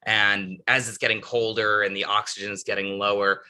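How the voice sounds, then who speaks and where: A man's voice: lowish voice, level tone, a little fast, bright, forceful tone. A man, an author and podcast guest, telling a travel story in a rambling, casual way with many restarts.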